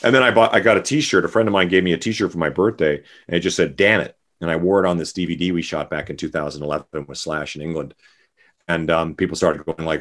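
A man's voice: low-pitched, fairly even intonation, quick pace, fairly bright tone. A middle-aged man from Canada, a musician chatting casually as an interview guest, rambling with many fillers and restarts.

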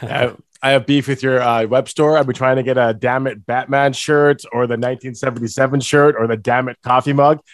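A man's voice: medium pitch, fairly even intonation, fairly quick, hardly any pauses. A man interviewing a guest in casual chat, teasing in a friendly way.

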